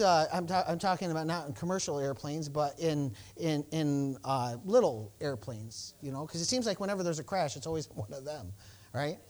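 A male pastor preaching a sermon, telling a personal story and acting out the exchanges, with stammered restarts and bursts of praise. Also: fairly high pitch. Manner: exclamations of praise.

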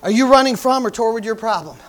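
A man's voice: very high-pitched, animated, fast talker. A male pastor preaching a fervent sermon, calling out hallelujahs and repeating lines for emphasis.

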